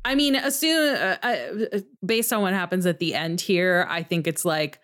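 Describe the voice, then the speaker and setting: A woman's voice: fairly low pitch, normal speed, fairly bright tone. A woman co-hosting a podcast in casual chat about a video game, easygoing, mostly giving short agreeing replies. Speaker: podcast co-host.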